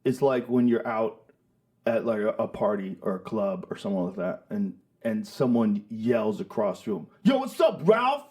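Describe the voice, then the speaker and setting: Middle-aged podcast host reassuring a guest. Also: male voice, on the low side, fairly even intonation, normal speed, mellow. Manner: reassuring, explaining, short responses. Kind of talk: casual podcast chat. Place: podcast studio. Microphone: studio microphone.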